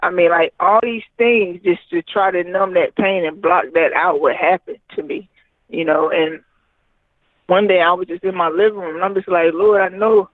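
A man's voice: sits high, normal speed, no echo. A man who is a recording artist, giving a rambling personal testimony full of fillers. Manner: rambling, heavy with fillers like "you know what I mean". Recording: tinny phone line, dry.

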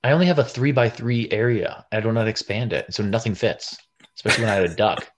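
A man's voice: on the low side, quick pace. A man co-hosting a podcast, chatting casually and jokingly, with many restarts. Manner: animated, joking, lots of restarts. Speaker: podcast co-host. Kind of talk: casual chat.

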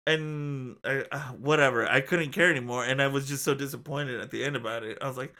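Profane, bright-voiced ranting man. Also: medium pitch, expressive, fairly quick, hardly any pauses. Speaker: podcast co-host. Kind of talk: casual chat.

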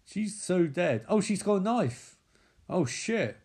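A man giving sweary, excitable running commentary on a movie. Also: high-pitched, takes it slowly, vocal fry, husky.

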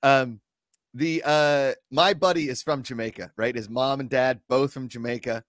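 A man's voice: medium pitch, steady tone, moderate pace, dry recording, clean studio sound. A playful man hosting a podcast in casual, joking chat. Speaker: podcast host.

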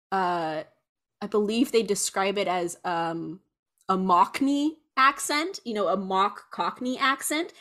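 Rambling young woman podcast host. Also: mid-range voice. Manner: rambling, animated, many fillers. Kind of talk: casual chat.

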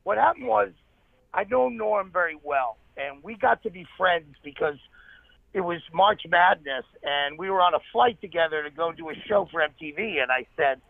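A high-pitched man with a gravelly edge tells comedy stories with animated energy and quick asides. He sounds like he's on a tinny phone line, dry and close. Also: dry recording. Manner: animated anecdotes, fast asides. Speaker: comedian guest. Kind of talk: storytelling interview.

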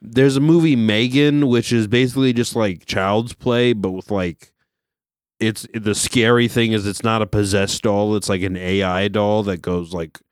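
A man's voice: on the low side, steady tone, normal speed, dry recording, clean studio sound. A man hosting a podcast, chatting casually and chuckling often. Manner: laid-back, chuckles often. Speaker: podcast host. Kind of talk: casual chat.

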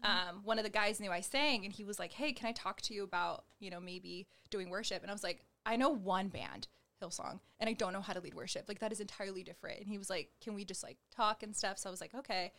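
A woman's voice: medium pitch, quick pace, pushed and bright. A young adult woman telling her personal faith testimony in conversation. She talks chattily, fills her speech with "like", and acts out the lines she quotes. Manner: chatty, heavy use of "like", acts out quoted dialogue; gestures while talking. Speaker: guest sharing her testimony.

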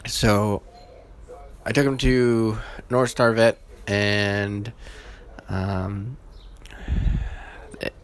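A man hosting his own podcast, casual and halting, with many fillers and restarts, emotional and holding back tears. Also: lowish voice, little pitch movement, a little hiss or hum. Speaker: podcast host.

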